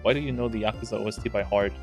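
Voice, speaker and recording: A man's voice: on the low side, steady tone, very fast, gravelly, over music. Rambling man streamer. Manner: rambling, self-interrupting. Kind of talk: live-stream chat while reading a game aloud.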